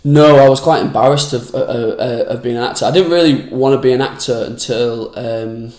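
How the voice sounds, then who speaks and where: A man's voice: mid-range voice, brisk, a little mellow. Rambling man, echoey room. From Manchester, England. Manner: rambling, candid, restarts sentences often. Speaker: comedian guest. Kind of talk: casual podcast chat.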